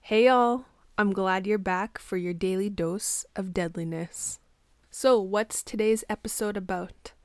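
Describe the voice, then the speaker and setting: A woman talks loosely into her podcast mic in a small bedroom, her voice groggy and congested in the morning. She rambles in a chatty way, filling gaps with "like". Her pitch sits mid-range and the sound is close and dry. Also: a little slow, dry recording. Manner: chatty, rambling, heavy use of "like". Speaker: podcast host. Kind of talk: casual solo podcast chat. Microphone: plugged-in podcast mic.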